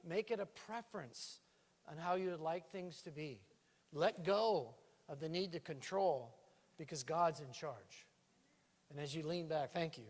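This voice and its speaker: A male pastor preaching a sermon in a church, lively and playful, with a stage microphone. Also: high-pitched. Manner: lively preaching with playful put-on island lilt. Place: church sanctuary. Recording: reverberant church hall.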